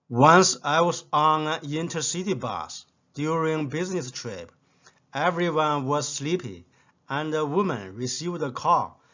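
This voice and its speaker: Man, Chinese native speaker, deadpan joke telling, unhurried, muffled sound. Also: fairly high pitch. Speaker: joke teller.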